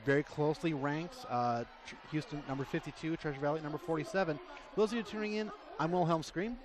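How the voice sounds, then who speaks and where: Crowd noise fills the recording as a fast-talking man with a fairly high voice announces a roller derby bout. His live play-by-play is energetic, rattling through names, numbers, rosters and action.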